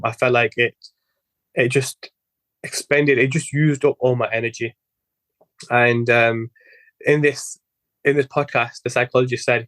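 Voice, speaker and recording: A man's voice: medium pitch, a bit bright, no echo. A young man talking as a guest physiotherapist in a podcast interview, rambling with many restarts and quoting his own past thoughts. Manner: rambling, quick, many restarts and quoted self-talk.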